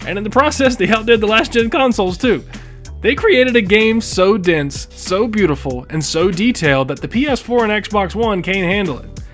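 High-pitched guy ranting about games, sarcastic and punchy, soft music under it. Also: animated, normal speed. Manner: emphatic, indignant, sarcastic. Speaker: gaming YouTuber. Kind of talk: opinionated commentary.

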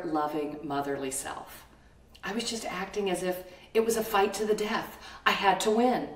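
Middle-aged woman speaker, low-pitched, storytelling workshop voice, echoey room, mic set back. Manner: expressive storyteller, calm and reflective. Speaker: webinar presenter on conflict. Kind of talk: teaching talk with personal story. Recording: roomy echo, distant mic.

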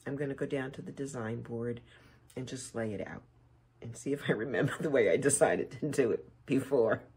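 Her voice is very deep with a darkish tone and a breathy edge, and she talks a little fast. A woman teaching quilting, she keeps up casual chatter with her viewers as she works at her sewing.

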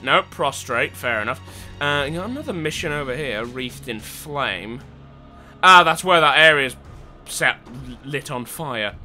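A man's voice: medium pitch, bright, forceful tone. A young British man from England commentating a video game playthrough, rambling with sardonic, sweary asides. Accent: British English. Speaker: gaming YouTuber. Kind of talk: let's play commentary.

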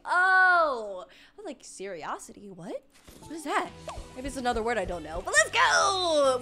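With a high, sharp-toned voice, a young woman rambles and panics aloud while playing on a casual gameplay livestream. Game music runs in the background.

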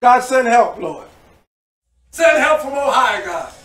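A man preaching and leading a congregation in impassioned, pleading prayer, repeating his calls to God and rising to shouts. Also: extremely high pitch, sing-song, takes it slowly, recorded from a distance. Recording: echoey room with music behind, off-mic.

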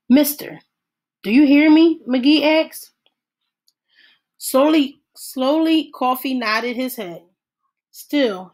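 Woman narrator, measured steady audiobook reading. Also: fairly high pitch, poor audio. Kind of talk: audiobook read-aloud.

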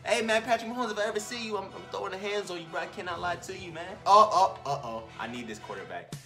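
Young dude hollering over a football video game, voice jumping all over, music going behind him. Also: male voice, sits high, animated, fast talker. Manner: slangy, loud outbursts at the game. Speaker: gaming YouTuber. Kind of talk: excited gameplay commentary.

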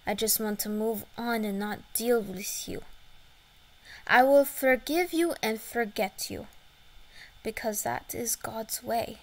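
A woman's voice: on the high side, low-quality recording. A woman speaking in a put-on Russian accent, delivering a blunt, cursing vlog rant.

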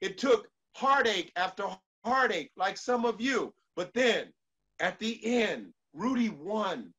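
Bright-voiced preacherly motivational speaker man. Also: high-pitched, big pitch swings, slow, breathy edge, muffled recording. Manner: preacherly, repeats lines for emphasis, leads call-and-response. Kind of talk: motivational speech to an online audience.

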